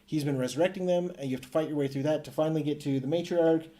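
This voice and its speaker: A man's voice: a little high, very fast. A man hosting a casual podcast, recapping a video game and acting out the characters' lines. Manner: animated storytelling, acts out quotes. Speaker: podcast host.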